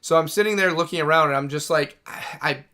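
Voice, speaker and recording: Bright-voiced man rambling through a story. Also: a little high, fast talker. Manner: rambling, self-correcting, swears freely. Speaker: gaming streamer. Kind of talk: casual storytelling while playing.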